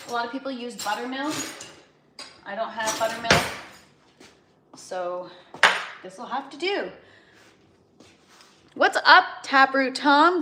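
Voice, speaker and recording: A woman's voice: on the high side, background noise. A woman hosting a casual home livestream from her grow tent and kitchen, chatting, laughing often and greeting viewers by name. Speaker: livestream host.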